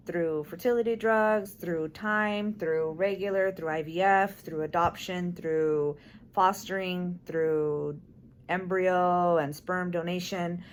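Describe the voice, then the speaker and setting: A young woman, an expectant mother, speaking softly and with emotion in a casual, grateful chat from a hospital room. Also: on the low side, slight background noise. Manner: soft-spoken, emotional, grateful.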